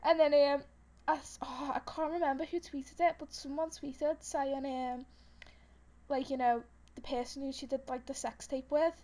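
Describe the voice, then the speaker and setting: A woman's voice: high-pitched, fairly even intonation, moderate pace, warm tone. A young woman, chatting casually as a podcast co-host and telling rambling stories with lots of fillers and giggles. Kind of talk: casual chat.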